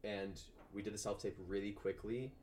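Young man guest, low voice, animated chatty delivery, mic a bit far off. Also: normal speed, a little hiss or hum. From Georgia, USA. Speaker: guest actor. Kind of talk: casual storytelling.

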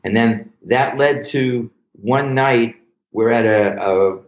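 A man's voice: medium pitch, slow pace. Older guy telling old comedy gig stories, cusses a lot, echoey room, kinda muffled audio. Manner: animated anecdotal storyteller, swears freely. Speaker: comedy writer guest. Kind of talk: casual storytelling interview. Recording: roomy, dull lo-fi sound.

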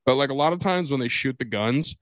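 A man's voice: mid-range voice, lively intonation, fairly quick, a bit bright, no echo. A man hosting a podcast, riffing on a bad movie in casual chat, swearing and laughing often. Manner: profane, laughs often, jokey. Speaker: podcast host.

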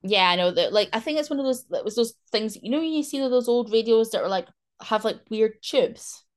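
A woman's voice: a little high, animated, fairly quick. Woman, young adult, podcast host, chatty, rambling, lots of fillers. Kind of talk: casual chat.

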